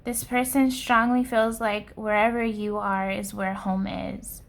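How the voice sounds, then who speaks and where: Slow, soft-spoken woman reading tarot. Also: mid-range voice, flat delivery. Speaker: tarot reader. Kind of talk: pick-a-card tarot reading.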